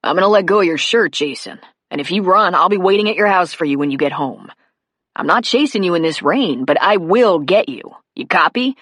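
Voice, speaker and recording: A woman reading a calm, firm male cop. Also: fairly low pitch, dry recording, studio quality. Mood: firm, wry. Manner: wry, steady, unhurried.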